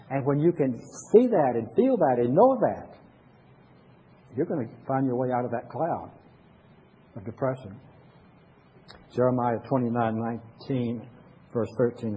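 An older man, a pastor with grandchildren, giving a conversational sermon full of pauses and restarts. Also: medium pitch, lo-fi sound, a little hiss or hum.

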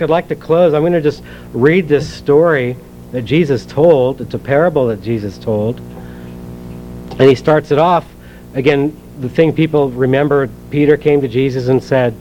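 A man's voice: mid-range voice, warm tone, dull audio. A man preaching a sermon in a conversational way, asking the congregation questions and reading scripture aloud. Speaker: pastor.

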